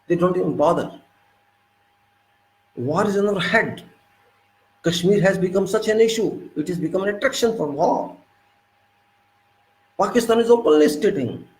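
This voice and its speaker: A man's voice: sits high, darkish tone, echoey room, poor audio. A man from India giving an emphatic, unscripted political monologue, firing off rhetorical questions. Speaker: political commentator.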